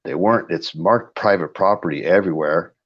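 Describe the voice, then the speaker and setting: Very deep-voiced blunt man telling a story. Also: fairly quick, dry recording, lo-fi sound. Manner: blunt, rambling, repeats "I go". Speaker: host of a live chat stream. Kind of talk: casual storytelling.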